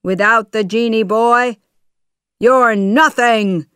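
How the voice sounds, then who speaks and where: A woman reading aloud, voicing a scheming male sorcerer villain with a loud, threatening delivery in a storybook. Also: mid-range voice, takes it slowly, clear, resonant tone, dry recording, clean studio sound, natural voice. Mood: shouting. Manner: threatening, gloating, raised voice.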